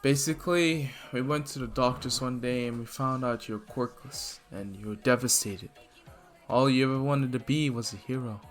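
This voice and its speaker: A man voicing a secretive, emotional mother who talks in halting bursts. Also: medium pitch, soft background music, natural voice. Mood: explaining. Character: mother figure, woman, tearful and secretive.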